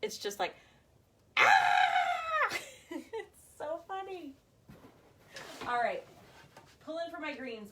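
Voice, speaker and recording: A woman's voice: mid-range voice, slight background noise. A woman hosting a casual live craft demonstration, chatty and gushing, calling her viewers y'all. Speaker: craft shop owner hosting a live video.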